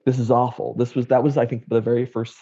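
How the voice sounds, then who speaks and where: A young man with a husky, dark, medium-pitched voice talks quickly and with little pitch variation as an interview guest sharing his personal story. He's candid, wry and blunt, acting out what his family told him, and the audio is dull and lo-fi.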